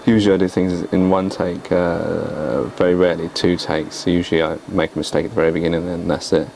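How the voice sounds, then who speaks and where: Man, casual video blog, rambling and hesitant, self-deprecating, monotone delivery. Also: deep voice, a little fast, gravelly, hardly any pauses, a little hiss or hum, poor audio. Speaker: poet and vlogger.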